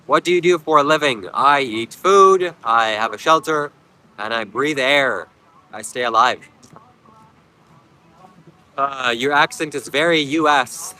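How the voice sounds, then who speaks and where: A man from Canada streaming outdoors at a beach, answering his chat with deadpan jokes. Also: medium pitch, a little slow, long pauses, rough recording. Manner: deadpan, joking replies to chat. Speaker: livestream host reading chat. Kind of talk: casual livestream chat.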